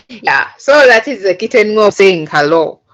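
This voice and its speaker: Through dull, lo-fi video call audio, a woman from Uganda patiently guides a coding class step by step, with lots of fillers. She sounds animated, medium in pitch and a bit bright, and takes it slowly.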